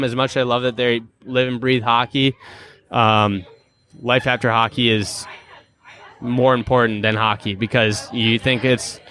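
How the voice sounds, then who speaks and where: A clean, mid-range male voice belongs to a thirtysomething hockey pro from Minnesota with a Minnesotan accent. He's the guest in a laid-back chat, telling stories animatedly and acting out the people he quotes.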